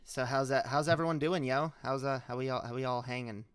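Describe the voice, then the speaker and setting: A man's voice: medium pitch, brisk, a crowd in the background. A young man hosting a live stream with call-ins, chatting casually with loose slang, swearing and many restarts.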